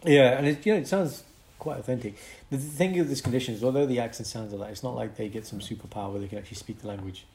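A young man, co-hosting a casual podcast and explaining a medical condition in an animated way. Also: medium pitch, fast talker, vocal fry, hardly any pauses. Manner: explanatory, animated, breaks into mock accents for fun. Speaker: podcast co-host, doctor.

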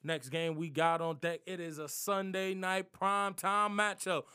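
High-voiced young man talking trash. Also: measured pace, clean tone. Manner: slangy, animated trash talk. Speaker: sports prediction vlogger. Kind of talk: casual NFL picks monologue.

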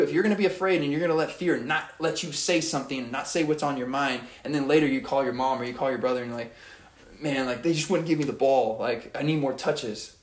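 A man's voice: mid-range voice, fast, reverberant. A young man giving an earnest, rambling motivational monologue as a podcast host, often repeating his phrases.

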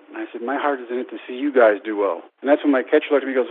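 A man in his thirties telling a personal story in a speech, self-deprecating and animated. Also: medium pitch, very fast, few pauses. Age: 30s. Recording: tinny phone-like radio sound.

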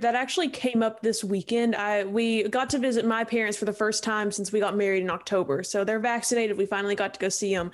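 A young woman co-hosting a podcast, asking questions and chatting in a friendly, conversational way. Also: fairly high pitch. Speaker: podcast co-host. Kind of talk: casual podcast interview.

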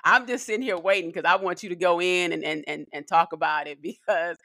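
Co-host, woman, lowish voice, playful questioner, dead-dry mic. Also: sharp tone, dry recording. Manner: playful, teasing, quick to laugh. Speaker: podcast co-host. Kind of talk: casual chat.

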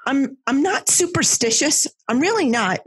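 A woman, telling a personal story in casual chat, animated and full of fillers and restarts. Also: high voice, moderate pace.

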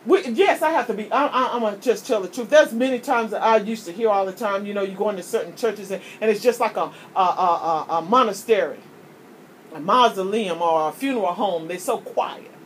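A woman's voice: mid-range voice, brisk, a little hiss or hum. A woman preaching, often repeating words as she builds a point. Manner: impassioned, preachy, repeats words when starting a thought. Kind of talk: sermon.

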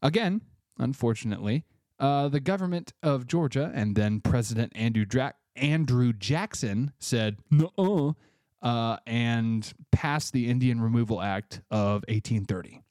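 A man's voice: medium pitch, moderate pace, a little mellow, dry recording, studio quality. A man from Tennessee, hosting a casual solo podcast with offhand, chatty asides, a bit congested. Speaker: podcast host.

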